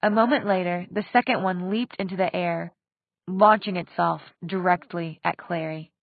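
A woman reading an audiobook in a steady, expressive narration. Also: lowish voice, normal speed, vocal fry, no room sound. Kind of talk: scripted narration. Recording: dry tinny phone-like sound.

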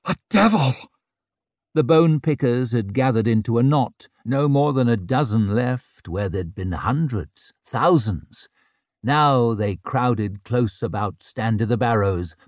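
Slow grave male narrator. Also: mid-range voice, darkish tone, no echo, studio quality. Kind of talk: dramatic fantasy audiobook narration.

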